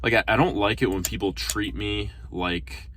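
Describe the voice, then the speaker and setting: Holding his phone out in front of him inside his car, a man who waits tables rambles through a casual story, a little self-conscious and full of fillers and false starts. His voice is lowish and fairly bright at a moderate pace, with slight background noise.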